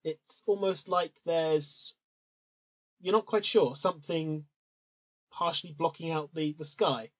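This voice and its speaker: A game master narrating a tabletop game in an easygoing way, with many pauses and ums. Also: medium pitch, steady tone. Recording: dull lo-fi recording.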